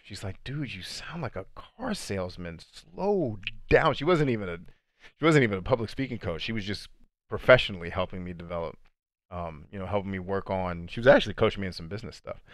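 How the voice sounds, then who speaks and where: A man life coach chatting casually on a livestream, reading viewer comments and answering them. He talks in animated fast bursts that slow into a deliberate cadence. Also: low-pitched, dry recording, studio quality. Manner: conversational, addresses viewers as friends and dude.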